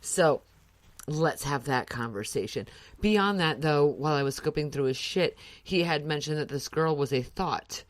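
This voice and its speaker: This is a woman with a notably low, deep voice who talks in a casual podcast chat. She is middle-aged and rambles through profane stories, stumbling and restarting as she goes. The sound is dry and close, with no room around it. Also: moderate pace, no room sound. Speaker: podcast co-host.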